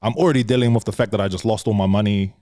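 A man's voice: on the low side, steady tone, rapid-fire, warm tone, no echo, clean studio sound. Blunt, swearing young New man. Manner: swears a lot, says bro constantly. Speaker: podcast guest. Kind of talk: candid casual storytelling.

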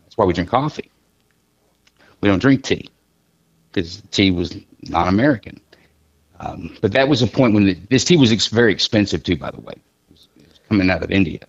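Middle-aged male podcast guest, husky, very low voice, rambling jokey storyteller, lo-fi dull sound. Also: lively intonation, fairly quick, pauses often. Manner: rambling, joking storyteller with many restarts. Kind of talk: casual chat.

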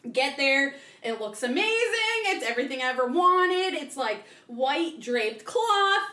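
Chatty woman spilling a wild story, high bright voice, does everyone's voices, echoey room, kinda far from mic. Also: measured pace. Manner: animated, acts out quoted people in voices. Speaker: podcast co-host. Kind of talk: casual storytelling chat. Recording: roomy echo, voice a bit off-mic.

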